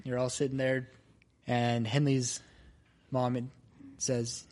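A man acting as game master, narrating a tabletop role-play in a relaxed way. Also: mid-range voice, slow, long pauses. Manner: relaxed, describing scenes.

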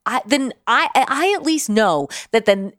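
A woman in her mid-thirties hosting a casual podcast, chatty and quick to laugh. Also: on the high side, expressive, a bit bright, dry recording, studio quality. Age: 30s. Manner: chatty, laughs easily, many affirmations. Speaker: podcast host.

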